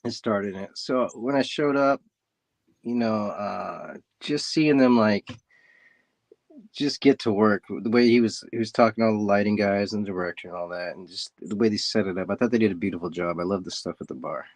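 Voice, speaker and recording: A man, an actor and guest, chatting in a relaxed, easygoing way about a shoot on a video call. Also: lowish voice, no echo. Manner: relaxed and easygoing, quick to praise. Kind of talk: casual chat on a video call.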